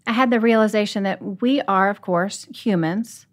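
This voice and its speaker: A woman's voice: medium pitch, moderate pace. A woman author guest telling a personal story earnestly and with animation.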